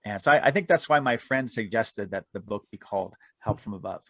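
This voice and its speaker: A man's voice: fairly low pitch, animated, a little fast, a bit bright, dry recording. A man being interviewed on a podcast, telling long self-deprecating stories and laughing often. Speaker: guest, aerial cameraman and author.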